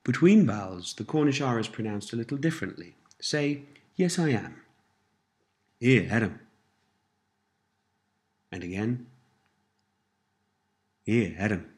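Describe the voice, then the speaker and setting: A man giving an audio language lesson, prompting phrases and explaining pronunciation in a deliberate instructional manner. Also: medium pitch, sing-song, darkish tone. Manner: slow, deliberate instructional delivery with repeated prompts. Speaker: language teacher.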